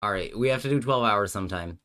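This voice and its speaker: A man's voice: on the low side, quick pace, sharp tone, clear, resonant tone. A man hosting a casual live stream, working out card game plays while joking with his chat and thinking aloud, often breaking off mid-sentence. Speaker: streamer and host.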